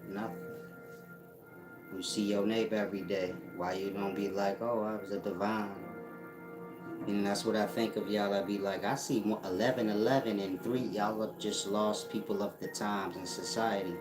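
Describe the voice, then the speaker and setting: A man's voice: fairly low pitch, fairly even intonation, normal speed. A man, hosting a casual livestream, answering chat in a blunt, mocking, profane way. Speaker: livestream host reading chat. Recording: roomy with loud music behind.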